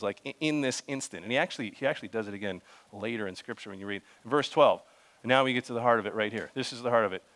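A young man preaches to his congregation in an easy, conversational way. His voice sits at an ordinary middle pitch, and he breaks off into asides and restarts as he talks. He moves between reading scripture and plain talk. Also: fairly bright tone. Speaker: pastor. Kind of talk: sermon.

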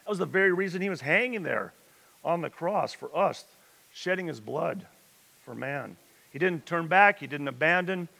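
A man's voice: on the high side, lively intonation, normal speed, creaky, bright, forceful tone. A man preaching a sermon, retelling scripture in a conversational storytelling way with emphatic rises. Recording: reverberant hall.

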